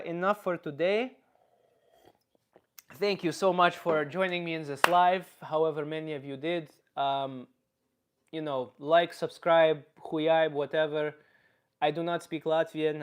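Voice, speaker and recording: A man's voice: fairly high pitch, lightly acted. A man putting on a blunt Slavic uncle, thick Russian accent. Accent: put-on Russian accent. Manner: blunt, deadpan, reading chat aloud. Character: blunt older Slavic uncle, gruff, crude, deadpan. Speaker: comedian streaming live. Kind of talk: live stream character comedy.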